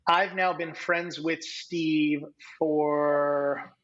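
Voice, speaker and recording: A man in his late thirties, a podcast guest telling stories in a casual, animated way and acting out the people he quotes. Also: fairly high pitch, extremely slow, lo-fi sound. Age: 30s. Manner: animated, acts out quoted dialogue. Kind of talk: casual interview storytelling.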